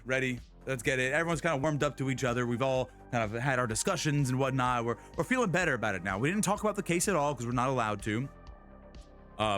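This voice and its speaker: Animated rambling male streamer. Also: mid-range voice. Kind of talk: casual storytelling.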